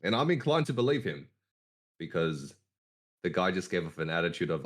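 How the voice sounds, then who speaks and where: Deep-voiced man talking deliberately. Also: very animated. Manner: deliberate, downward inflection. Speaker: podcast host. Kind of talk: casual podcast chat. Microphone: online voice call.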